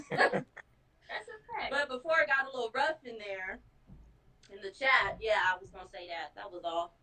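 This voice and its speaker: Bright bubbly woman, distant clip audio. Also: mid-range voice, wildly swooping pitch, moderate pace, pauses often. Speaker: livestream caller in played clip. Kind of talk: casual livestream chat.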